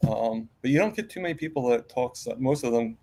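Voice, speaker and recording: Man, interview guest, casual live chat, rambling, restarts, gravelly, mid-pitched voice. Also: expressive, a little fast, mellow. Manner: rambling, many fillers and restarts.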